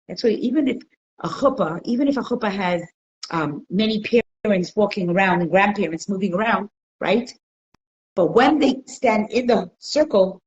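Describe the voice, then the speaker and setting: A woman with a mid-range voice tells stories energetically and poses questions to her class in an interactive religious lesson. It takes place in a community centre classroom, and the audio sounds dull.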